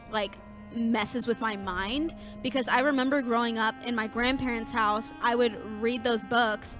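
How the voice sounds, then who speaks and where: A chatty woman co-hosting a casual podcast, her voice sitting high. She tells stories with energy and slips into playful voices for quotes. Faint music plays underneath. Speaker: podcast co-host.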